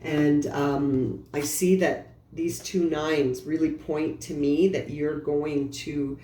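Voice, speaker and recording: With a low, dark voice that stays steady and unhurried, a woman reads tarot for the listener in an earnest, reassuring, casual manner. Echo from the room and faint background noise are audible.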